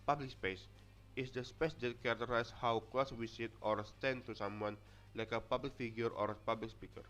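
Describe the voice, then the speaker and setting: Faint music plays behind this young adult male student as he reads a class presentation from notes, tripping and starting over frequently. He speaks Indonesian natively and carries its accent, with a medium-pitched, steady, fairly bright voice at a fairly quick clip, captured on dull lo-fi audio.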